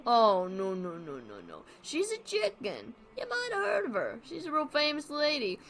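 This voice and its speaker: A woman's voice: sits high, huge pitch swings, moderate pace, voice pushed up, heavily acted. A woman voicing a brash, wisecracking male cartoon dog comedian with a New York accent. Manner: loud, joking, showbiz patter.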